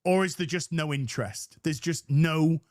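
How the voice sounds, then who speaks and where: A man's voice: on the high side, moderate pace. A man co-hosting a livestream, talking emphatically and swearing, firing off rhetorical questions. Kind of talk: casual livestream chat.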